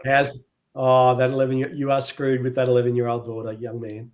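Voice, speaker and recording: A man with a mid-pitched, ordinary voice trades jokes with his co-hosts. His casual podcast chat is light and teasing. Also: monotone, a little fast. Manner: teasing, joking banter. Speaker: podcast co-host.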